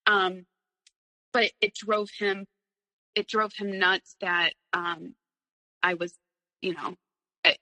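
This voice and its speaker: Woman, 30s, interview guest; bright, rambling storyteller with nervous laughs, reverberant room. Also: medium pitch. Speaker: guest telling her story. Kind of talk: candid personal storytelling.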